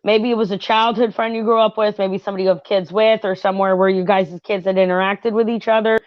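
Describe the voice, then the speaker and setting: A woman's voice: medium pitch, steady tone, fast, no echo, lo-fi sound. Chatty woman doing a home tarot reading. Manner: chatty, rambling, frequent fillers and asides to viewers. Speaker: tarot reader and channel host. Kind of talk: casual tarot reading chat with reality TV commentary.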